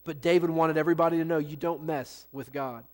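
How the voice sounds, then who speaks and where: Man, pastor, sermon, conversational, folksy storytelling, somewhat high voice. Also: steady tone, a little fast.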